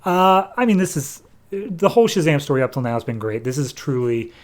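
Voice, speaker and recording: A man hosting a podcast, giving a relaxed, chatty comic book review. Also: a little high, fairly quick. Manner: relaxed, chatty, frequent fillers.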